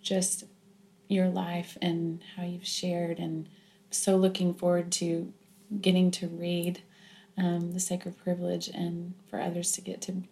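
A woman hosting an interview, speaking softly and gently and encouraging her guest with short murmurs. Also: lowish voice, monotone, vocal fry. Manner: soft, slow and gentle, with short affirming murmurs. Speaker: interview host. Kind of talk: conversational interview.

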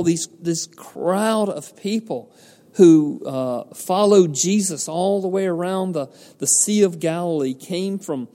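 Male pastor, unhurried, mellow tone, earnest sermon delivery, long hall reverb. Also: on the high side. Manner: earnest preaching, poses rhetorical questions and answers them.

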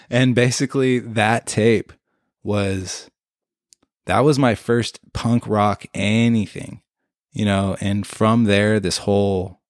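A man's voice: on the low side, takes it slowly, pauses often, no echo, studio quality. A man telling a story in casual chat, swearing freely and acting out what people said. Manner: animated, swears freely, acts out quotes.

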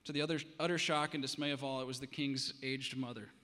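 A pastor in a church, telling a story with drama and then preaching earnestly. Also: male voice, mid-range voice, steady tone, fast talker, bright, forceful tone. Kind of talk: sermon. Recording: long hall reverb.

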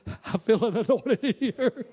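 High-voiced preacher man. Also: measured pace, husky. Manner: swings from quiet asides to shouted, sing-song preaching. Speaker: pastor. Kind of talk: sermon.

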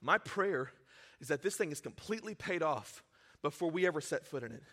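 A male pastor preaching a sermon, emotional and self-deprecating, swinging from quiet confiding to near-shouting. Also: fairly high pitch, animated, brisk, husky. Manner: self-deprecating, laughs at himself.

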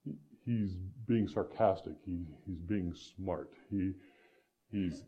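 A man's voice: sits low, slow pace, dark tone, muffled recording. A man from Iowa preaching a conversational sermon as pastor, with frequent restarts and "right?" asides. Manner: conversational, many restarts and tag questions.

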